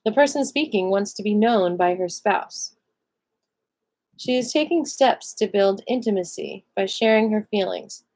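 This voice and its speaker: A woman's voice: mid-range voice, animated, unhurried, a little mellow. Tired woman reading a book aloud. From American. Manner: reads aloud steadily, breaking off for chatty asides. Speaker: live book reader. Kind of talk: live reading of a self-help book with asides.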